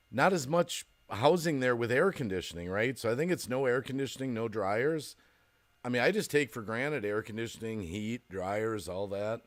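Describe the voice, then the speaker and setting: An American man talks casually on a home livestream. He rambles and laughs often, and his pitch rises and falls in a lively way as he chats with viewers. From United States. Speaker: livestream host. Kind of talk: casual chat reading viewer comments.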